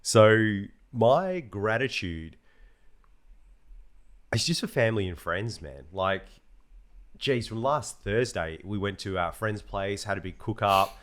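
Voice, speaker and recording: A man's voice: fairly low pitch, lively intonation, slow, a bit bright. An Australian man co-hosting a podcast, chatty and teasing, casually talking over a remote call. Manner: chatty, teasing, drops "mate" often. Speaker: podcast co-host. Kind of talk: casual chat.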